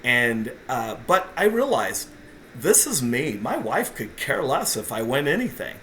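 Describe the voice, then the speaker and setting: A middle-aged man tells stories about competing, his manner intense and competitive yet self-deprecating. His voice sits at an ordinary pitch for a man, and a light hiss runs underneath. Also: big pitch swings, unhurried, bright, forceful tone. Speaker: podcast guest, jiu-jitsu competitor. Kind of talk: casual storytelling.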